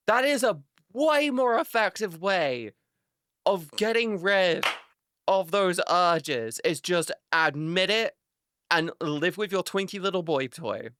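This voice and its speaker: A woman's voice: fairly low pitch, animated, slow pace, fairly bright tone, no echo, studio quality. A woman streamer in a casual live chat with her viewers, ranting animatedly, swearing a lot and laughing often.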